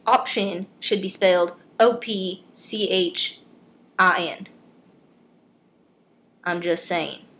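A woman's voice: fairly low pitch, takes it slowly, long pauses, fairly bright tone, slight background noise. A woman vlogger ranting on camera in a comedic, rambling way, trailing off and restarting mid-sentence. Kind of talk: comedic vlog rant. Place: filming herself on camera.

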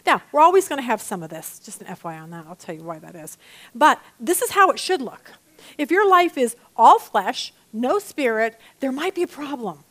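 A woman's voice: fairly high pitch, normal speed. A middle-aged woman leading a Bible study, teaching in a conversational way and acting out her own inner dialogue as she tells stories. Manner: animated storytelling with acted-out inner dialogue.

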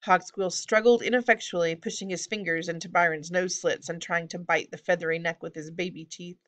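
A woman reading a children's fantasy story aloud at a steady pace. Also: fairly low pitch, brisk. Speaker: audiobook reader. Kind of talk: storybook narration.

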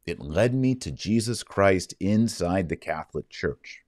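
Very deep-voiced man reading news. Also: lively intonation, measured pace, a little mellow, dry recording, clean studio sound. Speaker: host and commentator. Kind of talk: reading a news story aloud with commentary.

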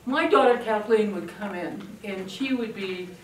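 Older woman, parenting speaker, lively storyteller; distant mic in an echoey room with faint noise behind. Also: medium pitch, a little slow. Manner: lively storytelling, acting out quoted family voices. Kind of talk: talk to an audience.

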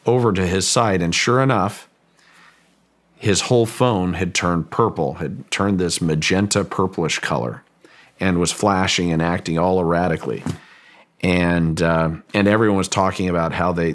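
A man being interviewed who recounts a story in a halting way and often repeats words as he goes. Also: low-pitched. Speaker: guest, ranch owner recounting a story.

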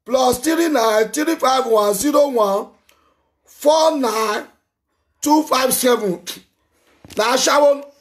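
A man with a Nigerian Pidgin English accent hosting a live call-in show, loud, scolding and repetitive. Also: very high-pitched, slow pace, long pauses. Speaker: talk show host taking calls.

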